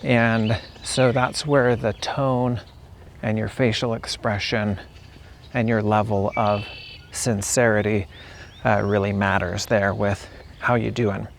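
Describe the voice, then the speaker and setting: A man teaching English outdoors while on a walk, speaking in an unhurried way and repeating example phrases to show how they sound. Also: lowish voice, little pitch movement, a little hiss or hum. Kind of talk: casual spoken lesson.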